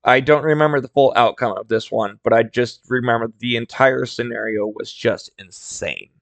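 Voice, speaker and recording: A man's voice: mid-range voice, normal speed, creaky, no room sound. Man, podcast host, candid, blunt, casual cursing, mid-range voice, dry recording. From rural area. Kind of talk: solo podcast storytelling.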